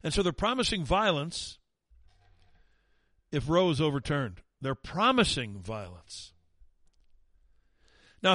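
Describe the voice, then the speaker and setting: A man's voice: fairly high pitch, a bit bright, dry recording, studio quality. Indignant man ranting on talk radio. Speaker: radio talk show host. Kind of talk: opinionated talk radio monologue.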